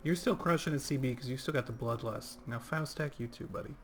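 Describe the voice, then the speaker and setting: A man's voice: medium pitch, brisk, slight background noise. Rambling man streaming a game. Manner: rambling and chatty, reading out chat. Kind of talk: casual livestream gameplay commentary.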